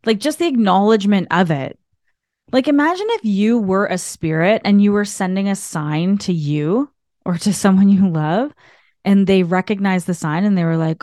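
A woman host from Canada telling a spiritual story in an animated, chatty way, full of filler words. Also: medium pitch, normal speed, dry recording, clean studio sound.

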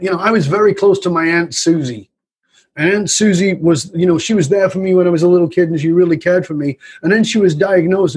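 A man's voice: on the high side, a little mellow, husky. A man, an author and leadership speaker, telling stories animatedly in conversation and acting out the voices in his anecdotes. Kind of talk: storytelling in conversation.

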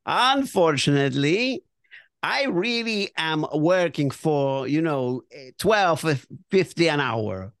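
Guy doing a jokey italian buffet server, broken english, high and gravelly, dry sound. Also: animated, takes it slowly, fairly bright tone, no room sound, full character voice. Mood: harried. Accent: put-on Italian. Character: chatty Italian male buffet server, fretful.

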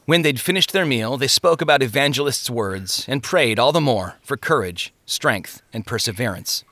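A man narrating a story in an expressive storytelling style. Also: medium pitch, moderate pace, no room sound. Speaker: audiobook narrator. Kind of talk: scripted narration.

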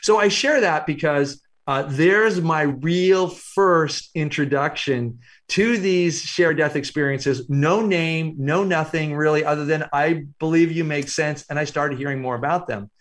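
Male author guest, higher-pitched, reflective storyteller with halting pauses. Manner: reflective, unhurried, halting with fillers. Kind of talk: storytelling interview.

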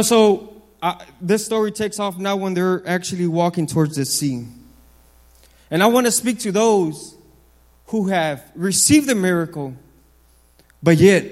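A man preaches in a large, reverberant hall where the echo lingers, his voice high. He keeps repeating his points for emphasis and alternates between loud, lifted phrases and quiet, low passages.

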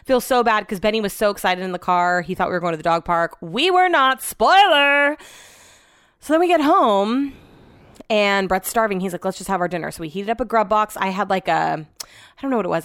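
A woman's voice: medium pitch, fairly quick, fairly bright tone, smooth. A young adult woman hosting a podcast from home, telling rambling everyday stories and swearing freely. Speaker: podcast host. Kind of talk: casual chat. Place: home, upstairs room.

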